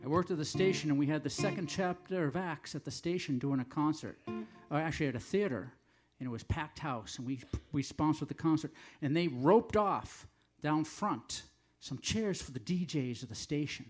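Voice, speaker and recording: A man's voice: fairly high pitch, normal speed, faint music behind. Older man telling a rambling story. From northern United States. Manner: rambling, self-deprecating humor. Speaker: singer-songwriter. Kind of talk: storytelling between songs at a live show. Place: live café performance.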